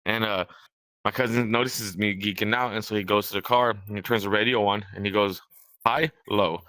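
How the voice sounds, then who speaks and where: With a lowish, sharp-toned voice and fairly even intonation, this young man talks briskly, free of echo. He hosts a podcast and rambles through a long, profane anecdote, casually acting out other people's lines.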